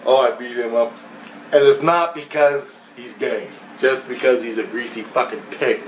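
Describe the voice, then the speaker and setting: With a mid-range voice at a moderate pace, a man recounts a dream on his vlog in a long, rambling, profane story, laughing between phrases. Roomy echo and faint hiss come through, as he is far from the mic.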